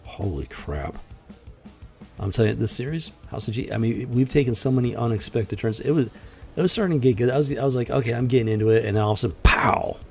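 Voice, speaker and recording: A man's voice: medium pitch, racing, creaky, soft background music. A man hosting a casual comic book commentary, exasperated and blunt, swearing freely and often stumbling over his restarts. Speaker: host.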